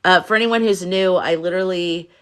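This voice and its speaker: Tired american woman on a livestream, soft and rambly, reassuring her chat. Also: fairly low pitch, fairly quick, clear, resonant tone. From United States. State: tired from little sleep. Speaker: livestream host, spiritual reader. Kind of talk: casual livestream chat, reading comments.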